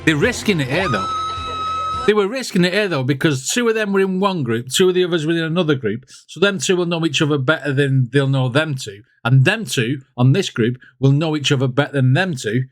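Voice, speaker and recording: A man's voice: fairly high pitch, a little fast. A man hosting a music reaction video, chatting casually and rambling with frequent laughs.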